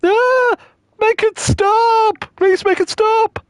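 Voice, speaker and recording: A shrieking, terrified game guest. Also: male voice, fairly even intonation, takes it slowly, no room sound, clean studio sound. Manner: shrill, panicked cries. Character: terrified young guest, wailing for mum.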